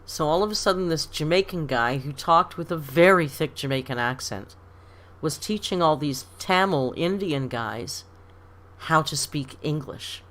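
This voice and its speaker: Reading viewer comments and spinning stories, this middle-aged Canadian livestream host laughs often in a chatty way. She speaks unhurriedly in a low, fairly bright voice with lively intonation.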